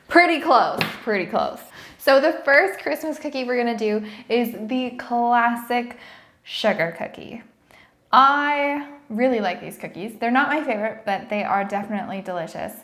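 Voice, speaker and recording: A woman's voice: fairly high pitch, lively intonation, normal speed, hardly any pauses, a bit bright, echoey room. A young adult woman chatting casually as a baking vlogger in her home kitchen, bubbly and playful. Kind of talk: casual chat.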